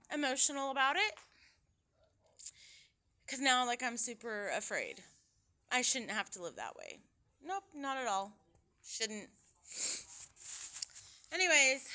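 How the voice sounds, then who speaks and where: High bright-voiced woman venting. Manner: exasperated, rambling, acts out both sides of a phone call. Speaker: vlogger. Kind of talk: casual venting vlog.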